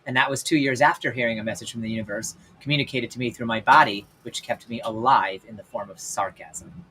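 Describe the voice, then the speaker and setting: A man hosting his own show, telling personal stories in a casual, candid way with lots of fillers, swinging between loud and hushed. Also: mid-range voice, fairly even intonation, brisk, a little hiss or hum, low-quality recording. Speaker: podcast host and life coach. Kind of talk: personal storytelling monologue.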